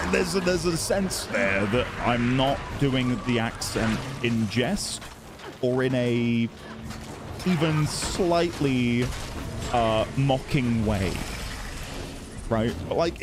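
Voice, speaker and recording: A man chatting casually on a live stream while playing a game, giggly and self-deprecating. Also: on the high side.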